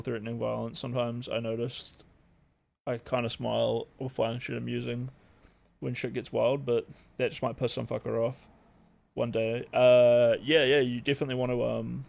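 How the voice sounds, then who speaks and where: A young man with a gravelly, creaky voice talks in a loose, rambling stream-chat style. He swears often and stacks up fillers as he goes. His pitch sits in the middle for a man. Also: little pitch movement, normal speed, a little mellow. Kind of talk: casual live-stream chat.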